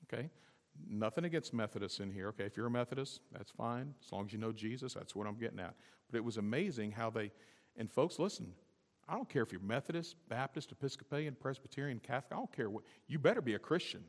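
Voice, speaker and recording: A man preaching a sermon as a pastor, talking emphatically and building to loud, high exhortation. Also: lively intonation, fast talker, big-room sound. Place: church sanctuary.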